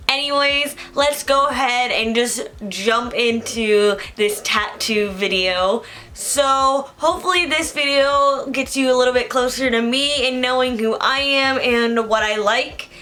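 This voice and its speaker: A young woman talks to camera in a relaxed vlog, her voice sitting a little high. She is chatty and earnest, filling her sentences with "um" and "like" as she goes. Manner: chatty, earnest, many fillers like "um" and "like". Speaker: beauty vlogger.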